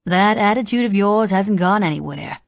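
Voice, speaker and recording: A woman's voice: medium pitch, normal speed, creaky, no room sound, studio quality, pitched above the performer's own voice, natural voice. A woman voicing a frank middle-aged housekeeper with a slight Southern accent.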